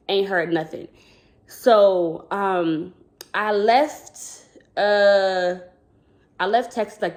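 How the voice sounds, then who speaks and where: A talkative woman vlogger tells her story straight to camera in a slightly low voice. She rambles and backtracks, and keeps turning to her viewers with "y'all". She often slips into acting out what people said to her. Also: a little mellow. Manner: chatty, rambling, addresses viewers as "y'all", acts out quoted dialogue. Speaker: vlogger, school counselor.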